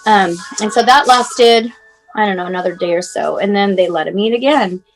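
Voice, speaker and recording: Woman, 40s, guest over a video call, unscripted and emotional, halting delivery full of fillers, faint music underneath. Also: medium pitch, poor audio. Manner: emotional, halting, many fillers, near tears at times. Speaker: mother telling her son's story as guest. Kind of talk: personal storytelling, casual and unscripted.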